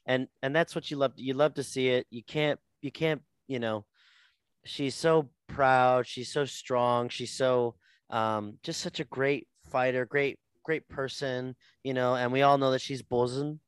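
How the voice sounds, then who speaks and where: A man chatting casually as a podcast co-host, rambling and enthusiastic. His voice is smooth and resonant, and it sounds dry and close. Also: mid-range voice, steady tone, unhurried, no room sound. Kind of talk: casual chat.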